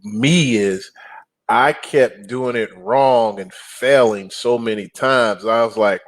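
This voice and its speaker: A middle-aged man chatting as an interview guest, his voice at an ordinary middle pitch. He tells stories with lots of energy, acting out quotes and throwing in growls to make a point. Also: slow pace. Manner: animated storyteller, growls and acts out quotes. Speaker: guest, apartment investor. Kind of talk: casual interview talk.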